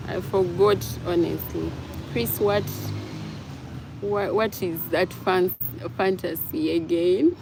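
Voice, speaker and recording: A woman's voice: on the low side, fairly even intonation, slow pace, gravelly, noisy background. A woman hosting a casual livestream, chatting with viewers and reading their comments aloud. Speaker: livestream host.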